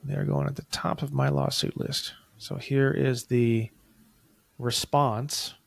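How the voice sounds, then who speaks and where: A man's voice: mid-range voice, gravelly, no room sound. A man guesting on a podcast, telling a long story in a rambling, profane and indignant way. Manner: heated, indignant. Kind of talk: casual podcast conversation.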